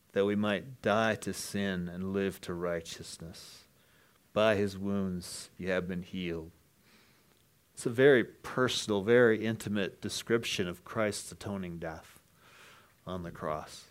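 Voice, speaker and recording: A man preaching an earnest sermon, dropping to hushed lines and then rising to loud, emphatic ones. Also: lowish voice, unhurried, smooth. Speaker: pastor.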